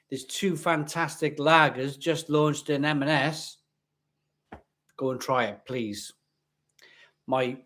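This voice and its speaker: A man hosting a live beer tasting from home, chatting casually to viewers in front of his laptop and often repeating himself. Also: medium pitch. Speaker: beer reviewer livestream host. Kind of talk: casual live-stream chat. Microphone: laptop webcam.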